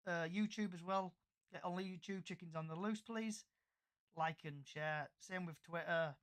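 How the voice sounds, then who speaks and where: A man's voice: sits high, a bit bright. A man hosting a casual football podcast, chatty and moving the talk along with questions. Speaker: podcast host.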